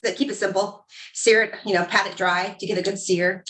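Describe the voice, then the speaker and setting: A woman's voice: medium pitch, fairly even intonation, fairly quick, a bit bright, slight background noise. A woman casually chatting about how she cooked a meal, listing ingredients loosely. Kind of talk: casual chat about cooking.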